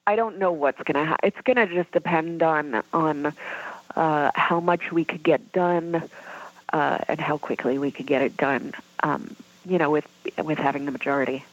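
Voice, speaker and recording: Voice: mid-range voice, fairly even intonation, normal speed. A political guest answering interview questions in an earnest, hesitant way, often restarting sentences. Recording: dull lo-fi sound.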